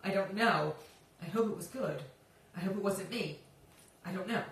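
A woman's voice: medium pitch, moderate pace, recorded from a distance. A woman hosting a casual live-stream chat as a drag coach, bubbly and sing-song, greeting her viewers by name. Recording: echoey room, voice off-mic.

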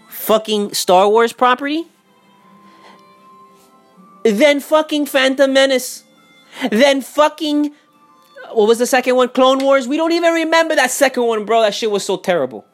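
A young man in a heated, profane, casual rant. He repeats himself and swings between loud outbursts and muttering. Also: extremely high pitch. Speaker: vlogger. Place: home in Miami.

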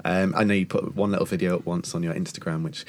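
A man's voice: sits low, fairly even intonation. A man hosting a casual podcast, chatty and encouraging, chipping in often with questions. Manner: chatty, encouraging, quick to chip in. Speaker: podcast host. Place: outdoors-adjacent room in Germany, vehicles passing.

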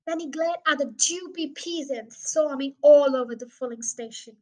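A woman reading a children's novel aloud as a podcast host, in a plain, careful manner with lively emphasis. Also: sits high, normal speed, poor audio. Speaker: audiobook reader. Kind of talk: storybook reading.

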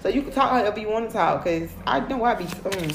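A woman's voice: medium pitch, lively intonation, fast talker, reverberant, noisy background. A woman speaking in as the host of a livestream, giving profane motivational talk and repeating "period" and "okay".

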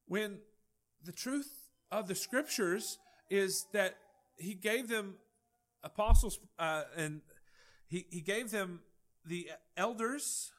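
A male pastor, preaching a folksy, animated sermon with acted-out dialogue. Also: sits high, takes it slowly, pauses often.

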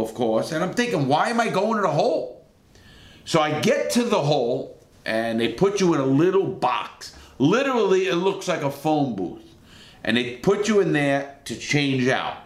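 A man's voice: mid-range voice, echoey room. A former prisoner telling his own story to camera in a blunt, profane way, full of rhetorical questions and acted-out outbursts. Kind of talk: casual first-person storytelling to camera.

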